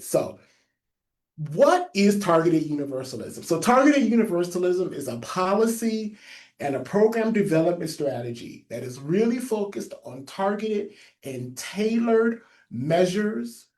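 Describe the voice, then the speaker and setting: A public health trainer with a lisp giving a webinar presentation, stressing and repeating key phrases for note-takers. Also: male voice, on the high side, darkish tone.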